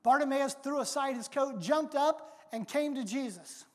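High-voiced preacher in a reverberant hall. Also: a little slow. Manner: emphatic, bursts into loud dramatic quotes. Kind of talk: sermon.

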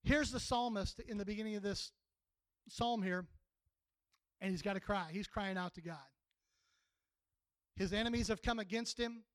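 A man's voice: high voice, moderate pace, long pauses, no room sound, rough recording. A man in his sixties preaching a sermon in a folksy, plainspoken, conversational way.

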